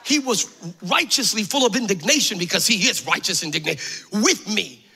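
A man preaching a sermon with passion, repeating phrases, joking in asides and building up to shouts. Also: high-pitched, lively intonation, normal speed, gravelly, breathy edge.

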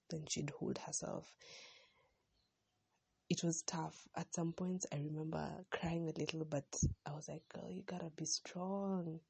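A woman's voice: low voice, creaky, mellow, slightly rough, no room sound. A young woman hosting a casual personal podcast, talking in a rambling, heartfelt way that often stops and restarts. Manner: rambling, self-interrupting, heartfelt. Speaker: podcast host.

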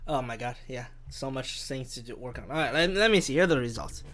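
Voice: medium pitch, expressive, brisk, fairly bright tone. A podcast host, ranting alone in a rambling, profane, self-mocking way, with the microphone held a bit too far from the face. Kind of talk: solo podcast rant. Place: home in Vancouver. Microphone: handheld microphone held too far from the face.

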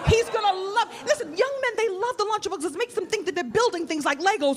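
A woman's voice: very high voice, big pitch swings, fast, hardly any pauses. A woman from New York doing stand-up comedy, teasing the audience on a comedy club stage with a handheld mic. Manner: teasing, playful, talks to the audience. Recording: live club crowd laughter.

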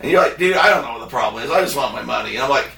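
Bright-voiced man telling a story. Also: mid-range voice, racing, gravelly, roomy sound, far from the mic. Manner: animated, acts out quotes of others. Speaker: podcast host. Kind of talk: casual storytelling chat.

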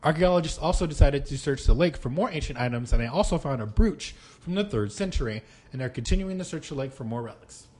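A man's voice: mid-range voice, expressive, quick pace, hardly any pauses, darkish tone. A man co-hosting a podcast, reading out a news story and trading dry, crude, teasing banter. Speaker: podcast co-host.

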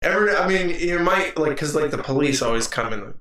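A young man co-hosting a podcast, telling stories in a worked-up, animated way with plenty of swearing. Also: on the high side, fairly quick, a little hiss or hum. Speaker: podcast co-host. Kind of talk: casual chat. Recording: echoey room, mic at a distance.

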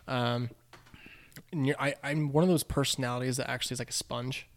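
A man hosting a podcast, chatting casually and relaxed, often saying "dude". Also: medium pitch, fairly quick. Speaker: podcast host. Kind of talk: casual chat.

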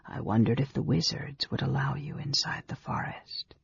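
A reader whispering as a frail, bitter sick mage. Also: male voice, mid-range voice, fairly even intonation, moderate pace, vocal fry, a little mellow, husky, dry recording, dull audio, heavily acted. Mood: weak, whispering. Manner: whispering, weak and labored. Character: frail, sickly, bitter young male mage.

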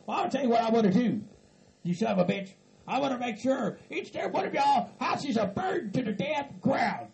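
A man's voice: extremely high pitch, expressive, moderate pace, voice pushed up, heavily acted. A man doing a screeching, cursing hillbilly. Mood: ranting. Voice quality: raspy, screeching. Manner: yells curses nonstop. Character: paranoid, furious hillbilly man hearing voices. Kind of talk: hobby comedy skit acting.

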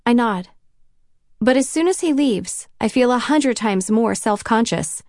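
A woman's voice: fairly high pitch, animated, unhurried, a little mellow, no room sound, studio quality. A woman reading a novel in first person, with a self-conscious, wry inner voice. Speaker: audiobook narrator. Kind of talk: first-person audiobook narration.

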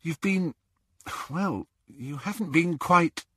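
A man's voice: fairly high pitch, slow pace, fairly bright tone, slightly rough, voice pushed up, exaggerated voice. A man voicing a worried, earnest teenage girl, a young witch.

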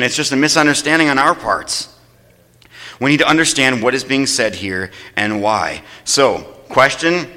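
A man's voice: a little high, pushed and bright. A man preaching a sermon as pastor, asking the congregation emphatic questions and drawing call-and-response answers. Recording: long reverb of a large hall.

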